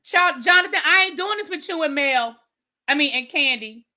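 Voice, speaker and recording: Woman host, chatty and emphatic, bright and a touch high, casual live chat with viewers. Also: expressive, moderate pace. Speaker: livestream host reviewing reality TV.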